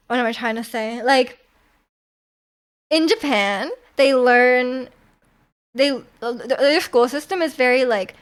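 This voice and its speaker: Casual high-pitched woman in her 20s, from canada, streaming chat, lots of likes and little laughs. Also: smooth. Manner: rambling, many "like" fillers and laughs.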